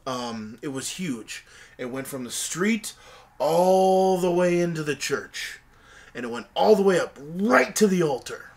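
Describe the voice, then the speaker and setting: A young man acting a clueless, tactless guest in a comedy sketch, rambling through absurd stories with halting fillers. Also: fairly high pitch, lively intonation, darkish tone. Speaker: bizarre guest in a comedy skit.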